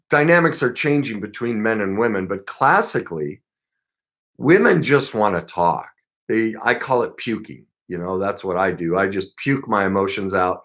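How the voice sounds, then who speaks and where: A man's voice: medium pitch, a bit bright. A middle-aged man giving relationship advice as a coach, talking earnestly and with emphasis, sometimes acting out short example exchanges. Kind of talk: advice talk to camera.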